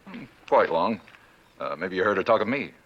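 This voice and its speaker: A man's voice: low voice, lively intonation, normal speed. An actor playing a guarded, suspicious frontier man who asks probing questions, in a 1960s TV western. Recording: muffled old TV soundtrack with faint hiss.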